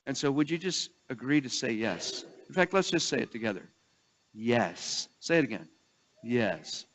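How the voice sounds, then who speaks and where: A man's voice: mid-range voice, lively intonation, fast talker, a bit bright, long reverb tail. A middle-aged man preaching a sermon in a conversational storytelling way, acting out the people in his stories. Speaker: pastor.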